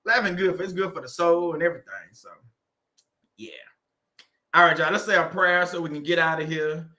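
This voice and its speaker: Man, faith livestream host, casual chat, jokey, laughs a lot, high voice. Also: brisk. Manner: laughs often, joking and animated.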